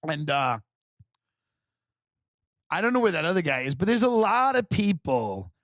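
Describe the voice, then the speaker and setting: A man's voice: fairly high pitch, sing-song, unhurried, fairly bright tone, dry recording, studio quality. A man from Long Island telling rambling, sardonic stories as a comedian podcast host. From Long Island, New York. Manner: rambling, sardonic, jumps between voices. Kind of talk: casual storytelling.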